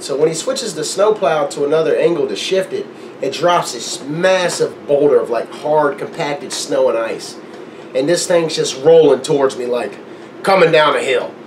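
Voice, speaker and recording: Telling a lengthy story in a relaxed way, this guest's voice sits a little high, with slight background noise in the recording. He performs the characters' quotes with animation and laughs frequently.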